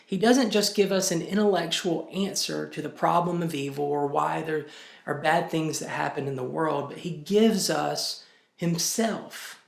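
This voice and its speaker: A man, a pastor, giving a short sermon message in a slow, measured and earnest way with gentle pauses. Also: on the high side, creaky, roomy sound.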